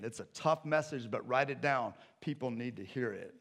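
Male pastor, mid-pitched, preaching informally with sharp swings between loud and hushed. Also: moderate pace. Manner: conversational, swings from loud urgency to quiet intensity. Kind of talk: sermon.

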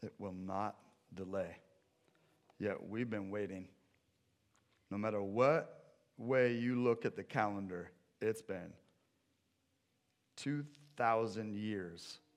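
A male pastor preaching a sermon in a conversational way, moving between loud urgency and quiet intensity. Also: fairly low pitch, takes it slowly, gravelly, long pauses.

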